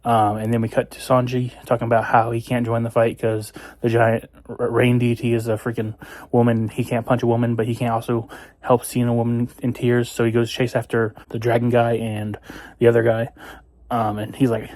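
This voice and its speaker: Dude recapping a manga chapter, rambly, lots of ums and likes, mid voice, dry sound. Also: male voice, medium pitch, completely flat delivery, brisk, a little mellow, no echo. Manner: rambling, strings events with "and he's like"; many fillers (uh, um, like). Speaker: manga reviewer.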